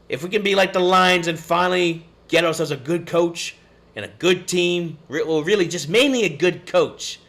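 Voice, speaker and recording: A man's voice: on the high side, bright, forceful tone. A man, hosting a live sports stream and ranting in a frustrated, rambling way. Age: 30s. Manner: frustrated, rambling, cursing and sighing. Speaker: podcast host.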